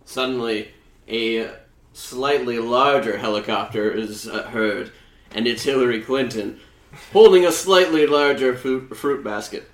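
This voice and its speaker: A man's voice: medium pitch, a little slow, echoey room. A man narrating an improvised comedy scene.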